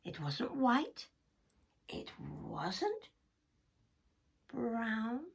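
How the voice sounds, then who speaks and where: A woman's voice: a little high, wildly swooping pitch, drawn-out words, vocal fry, breathy edge. A woman telling a children's story, dropping into dramatic whispers and gasps.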